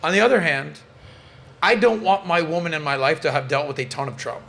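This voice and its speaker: A man's voice: a little high, a little fast, vocal fry, fairly bright tone. A man hosting a casual podcast panel, blunt and joking, swearing freely. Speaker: podcast host.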